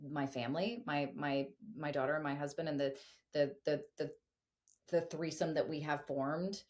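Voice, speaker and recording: A middle-aged woman talks as a podcast guest, loose and casual. She gets animated, swears now and then, and fills her sentences with "like". Her voice sits a little low for a woman. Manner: animated, filler-heavy, swearing. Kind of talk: casual interview chat.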